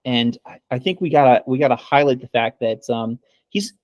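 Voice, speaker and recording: A man's voice: medium pitch, moderate pace, darkish tone, no room sound, lo-fi sound. A man co-hosting a podcast in casual chat, giving sarcastic mock praise and rambling with many fillers. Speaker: podcast co-host.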